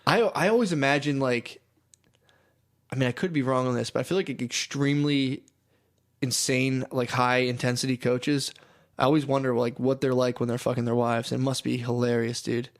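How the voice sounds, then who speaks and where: A young man with a middle-pitched voice jokes and banters crudely, sometimes slipping into put-on voices. He talks casually as a podcast co-host. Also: fairly even intonation, normal speed. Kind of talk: casual chat.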